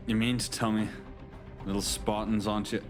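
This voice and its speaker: A man's voice: lowish voice, flat delivery, moderate pace, music in the background. A man live-streaming, chatting casually and jokingly with his chat, with many restarts.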